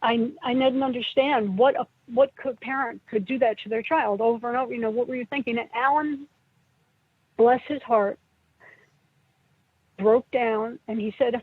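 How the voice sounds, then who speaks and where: A middle-aged woman recalling personal memories as an interview guest, halting and emotional, sometimes tearful. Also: high voice, steady tone, breathy edge, no room sound. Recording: tinny phone-like line.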